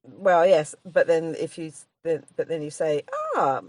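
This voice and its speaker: A woman's voice: low-pitched, fairly even intonation, moderate pace, warm tone, dry recording. An Australian woman co-hosting a casual podcast, rambling chattily, often laughing and breaking off mid-sentence to restart. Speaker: podcast co-host, comedian. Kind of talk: casual chat.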